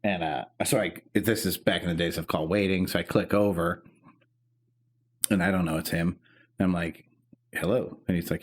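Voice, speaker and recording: A man's voice: deep voice, steady tone, brisk. A man in his thirties co-hosting a podcast, telling an emotional story in casual, profane chat. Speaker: podcast co-host.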